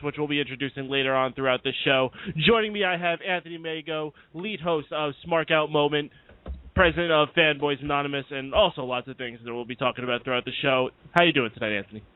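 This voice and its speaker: A man serving as lead host of a live internet radio post-show talks in an upbeat, announcer-like style. His voice is a little high and smooth, and it comes through an internet call as dry, tinny audio.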